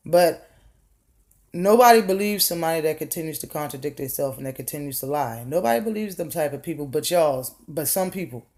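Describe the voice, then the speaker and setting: A woman's voice: deep voice, lively intonation, a little fast, a little mellow. A woman vlogger ranting her opinion bluntly, swearing freely and firing off rhetorical questions, often repeating words for emphasis. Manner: blunt, profane, heated rant. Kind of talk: opinion rant vlog.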